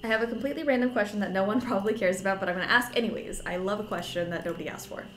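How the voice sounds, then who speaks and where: A woman's voice: mid-range voice, racing. A woman casually chatting and giggling while she plays a detective game. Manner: chatty, giggly, reacting aloud. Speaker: streamer playing a detective game. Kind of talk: casual gameplay commentary. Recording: echoey room with game music. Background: game music.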